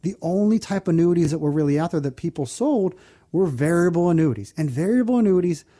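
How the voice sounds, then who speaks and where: A man hosts a radio finance show in an earnest, explanatory manner. His voice sits a bit high for a man, yet it sounds mellow and soft-edged. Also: animated. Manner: earnest, explanatory, repeats phone number slowly. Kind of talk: radio talk show advice.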